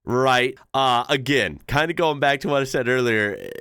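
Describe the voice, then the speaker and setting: A man's voice: mid-range voice, expressive, normal speed, fairly bright tone, smooth, no echo, studio quality. Laughing man reacting to clips. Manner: chuckling, sarcastic asides. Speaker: reaction channel host. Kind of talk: casual reaction commentary.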